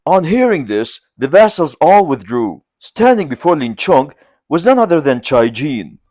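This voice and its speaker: A man narrating a classic novel, in measured storytelling. His voice sits a little high and moves a lot in pitch. The sound is dry and close, with faint music underneath. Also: very animated, a little mellow, no room sound. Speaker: audiobook narrator.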